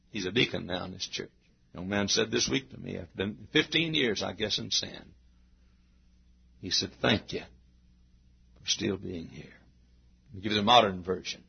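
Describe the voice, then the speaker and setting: A man preaching a sermon to his church, repeating phrases and rising into shouted climaxes. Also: sits low, measured pace, gravelly, long pauses, breathy edge. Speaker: pastor. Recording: dull lo-fi sermon recording.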